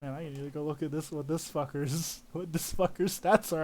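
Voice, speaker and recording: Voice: mid-range voice, steady tone, moderate pace, a little mellow. A game master narrating a tabletop game, loose and profane, often laughing. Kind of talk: tabletop role-play narration.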